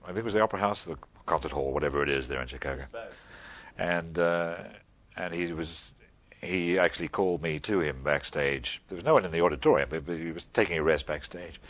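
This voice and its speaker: A man's voice: low voice, fairly quick, fairly bright tone. A man hosting a library interview, telling anecdotes in a conversational way. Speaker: host interviewer.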